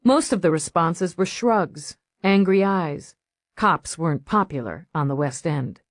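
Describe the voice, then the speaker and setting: A woman reads a crime novel aloud in a steady, measured storytelling manner. Her voice sits on the low side and the close studio recording is dry, with no room sound. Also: no room sound. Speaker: audiobook narrator. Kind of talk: scripted narration.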